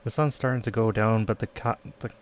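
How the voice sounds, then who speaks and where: A man on a live stream reads a story game aloud. His voice sits fairly low, and he stumbles and laughs in between lines. A faint hiss lies under the sound. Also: fairly even intonation, brisk.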